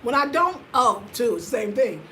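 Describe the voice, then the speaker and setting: A woman in her fifties chatting casually to her viewers, energetic and slangy, swinging from loud laughing bursts to low murmurs. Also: moderate pace, a little hiss or hum, low-quality recording. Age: 50s. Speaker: vlogger. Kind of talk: casual chat to camera.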